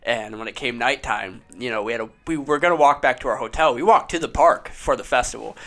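A man's voice: medium pitch, a little fast, a bit bright. A young man from Ohio, a podcast guest, telling stories in a laid-back, casual way and saying "dude" and "man" a lot. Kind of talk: casual chat.

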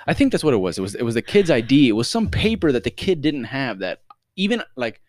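A young man co-hosting a casual podcast, telling stories in an animated way, swearing freely and acting out what people said. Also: medium pitch, fast talker, dry recording, studio quality. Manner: animated, swears a lot, acts out quotes. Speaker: podcast co-host. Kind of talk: casual storytelling chat.

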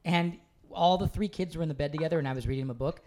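Thirties mom, slightly low voice, chatty and quick to laugh. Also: female voice, mellow. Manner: laughing storyteller, quick interjections. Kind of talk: casual chat.

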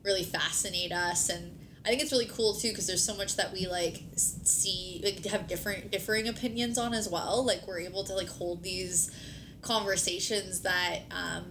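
On a podcast she hosts, a woman chats casually with her partner, saying "like" constantly and swearing now and then. Her intonation is fairly even and her speed normal. The recording is noisy, with a low rumble.

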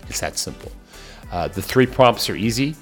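A man hosting a podcast, coaching listeners through a breathing exercise with insistent energy that drops to soft, near-whispered cues during the holds. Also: lowish voice, animated, moderate pace, faint music behind. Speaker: podcast host and wellness coach. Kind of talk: guided breathing instruction.

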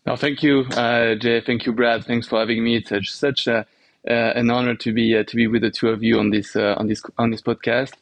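A man from Normandy with a French accent, a podcast guest who talks in a halting way with many fillers and restarts. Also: medium pitch, flat delivery, no room sound. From France, Normandy. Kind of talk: casual podcast interview.

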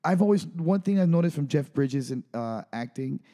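A man's voice: on the high side, expressive, normal speed, dark tone. A man co-hosting a podcast, chatting casually about a movie, rambling and self-deprecating with lots of restarts. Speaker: podcast co-host.

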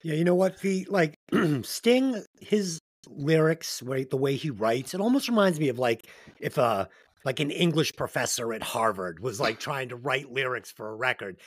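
A man's voice: medium pitch, animated, moderate pace, no room sound, clean studio sound. A man co-hosting a casual album review podcast, joking, swearing and acting out quoted voices. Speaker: podcast co-host. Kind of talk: casual music review chat.

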